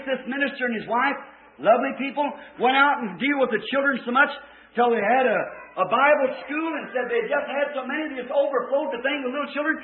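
Man, preacher, very high voice, fervent folksy sermon, swells to shouting, thin tinny old tape. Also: echoey room.

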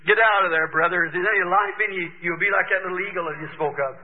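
A man's voice: sits high, quick pace, narrow, tinny audio. A man preaching an impassioned revival sermon and prayer, declaiming in rising and falling bursts, heard on an old archival tape recording.

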